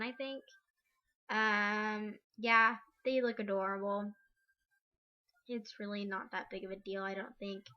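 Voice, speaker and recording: A young mother talks through her parenting opinions in a casual home vlog, frank and chatty with plenty of ums. Her voice sits a little high and sounds very bright and forward. The recording is dull and lo-fi, like a basic webcam. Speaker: parent vlogger.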